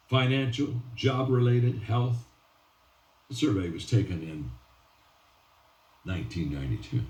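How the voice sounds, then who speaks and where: A motivational speaker with a medium-pitched, darkish voice tells stories in an animated way at a measured pace, leaving long pauses. He stresses and repeats key phrases and often restarts his sentences. The recording sounds roomy, with the mic at a distance.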